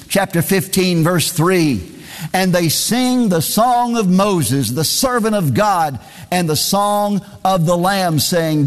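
Man preaching in a reverberant hall. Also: high-pitched. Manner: reads scripture aloud, sometimes in a singsong cadence; repeats phrases for emphasis. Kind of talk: sermon.

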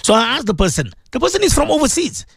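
A man's voice: very high-pitched, wildly swooping pitch, quick pace, gravelly, fairly bright tone, slightly rough, no room sound, clean studio sound. A middle-aged man presenting religious advice on radio, pleading and repeating himself for emphasis.

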